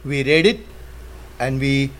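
A man leading a Bible study in an animated way, acting out the quotes with sudden swings in loudness and some nonstandard grammar. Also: medium pitch, slow pace. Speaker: Bible teacher.

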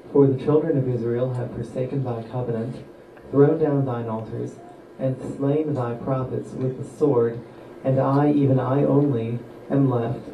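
A man reading Bible passages aloud in a steady, even way during a study group. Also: mid-range voice, creaky, slight background noise. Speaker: scripture reader. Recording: echoey room, from far off, faint ambience.

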